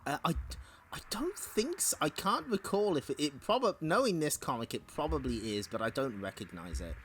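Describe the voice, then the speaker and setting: A man's voice: on the high side, very animated, normal speed, a bit bright, slight background noise. A man hosting a live-stream comic read-along, chatting casually with frequent laughter and playful asides. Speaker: streamer reading comics aloud.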